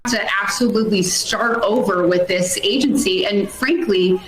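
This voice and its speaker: A woman politician speaks firmly and emphatically at a middling pitch. Her voice carries a noticeable roomy echo around it. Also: moderate pace. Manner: firm and emphatic. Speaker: politician in a played clip. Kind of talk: public statement.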